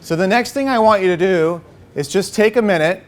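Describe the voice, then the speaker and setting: A man instructs a workshop group in an upbeat coaching manner. His voice sits a little high, and he keeps checking in with short "okay?" and "right?" questions. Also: a little fast. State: a bit out of breath. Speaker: workshop facilitator. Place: workshop room.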